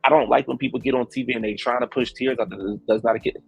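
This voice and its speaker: A man giving casual, animated commentary as a reality show recap host, slangy, acting out the quotes. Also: mid-range voice, fast, creaky, husky, no room sound, faint music behind.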